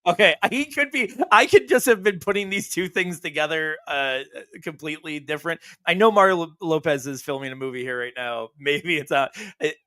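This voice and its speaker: Bright rambling man. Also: on the high side, fairly quick, few pauses, no echo, studio quality. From Buffalo, New York area. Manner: rambling, laughing, self-interrupting. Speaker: podcast co-host. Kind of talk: casual chat.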